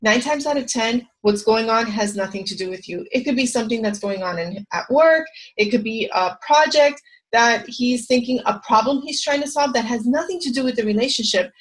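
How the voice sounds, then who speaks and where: A woman's voice: a little high, a little fast, few pauses, poor audio. A middle-aged woman, a relationship coach, talking straight to camera and giving advice in a confiding way. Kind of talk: direct-to-camera advice talk.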